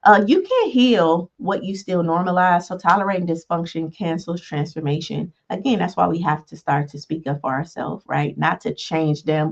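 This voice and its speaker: A woman teaching a self-help lesson in a conversational way, often checking in with "right?" and acting out quoted exchanges. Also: deep voice. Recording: dull lo-fi sound.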